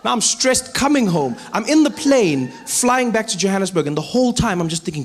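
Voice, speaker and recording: South African male comic, playful stand-up, higher voice. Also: brisk, few pauses, slight background noise. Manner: lively, playful. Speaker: stand-up comedian. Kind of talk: stand-up storytelling.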